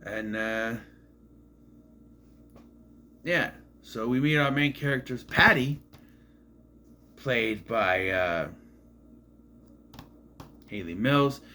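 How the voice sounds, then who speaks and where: A man's voice: mid-range voice, drawn-out words, long pauses, sharp tone. A man casually recapping a movie in a rambling, musing way, often admitting he is unsure. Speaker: movie reviewer.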